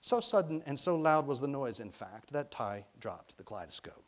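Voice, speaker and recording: A man from Arkansas, an author reading his own fiction aloud in a lively, expressive way. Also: mid-range voice, normal speed.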